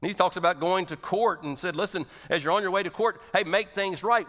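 A male pastor giving a sermon in a conversational, animated way, asking the audience rhetorical questions. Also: high voice, a little fast, hardly any pauses.

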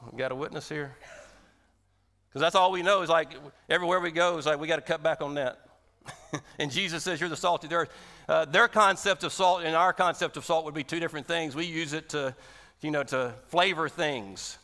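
A man's voice: a little high, normal speed, long pauses, bright, forceful tone. A man preaching a sermon as pastor, with an emphatic delivery that leans hard on repeated phrases. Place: church sanctuary. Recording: long hall reverb.

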